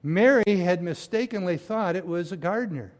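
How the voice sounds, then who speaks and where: A man delivering a sermon in a fairly high voice. He preaches emphatically, pushing key phrases out loudly and then sinking into soft, hushed lines. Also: normal speed. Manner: emphatic preaching, swinging between loud stresses and hushed drops. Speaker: pastor.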